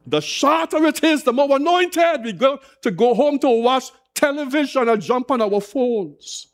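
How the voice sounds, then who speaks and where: A man preaching a sermon as pastor, slow and impassioned with dramatic pauses. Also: very high voice, animated.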